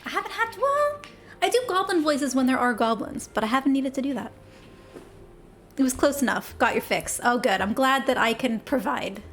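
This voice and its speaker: Young female streamer, bright high-ish voice, casual and talkative, reads dialogue in character. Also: big pitch swings, normal speed, a little hiss or hum. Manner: chatty, laughs easily, reads game dialogue aloud in character. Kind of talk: casual live gameplay chat.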